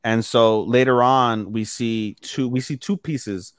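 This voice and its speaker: A man's voice: medium pitch, takes it slowly, smooth, dry recording, clean studio sound. A man co-hosting a podcast, casually recapping an episode and acting out the characters' lines as he goes. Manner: animated retelling that acts out characters' lines with lots of "he's like". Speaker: podcast co-host.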